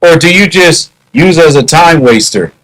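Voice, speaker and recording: A man's voice: fairly high pitch, lively intonation, normal speed, a bit bright, poor audio. A man musing in a casual vlog monologue, wry and half-joking. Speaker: vlogger.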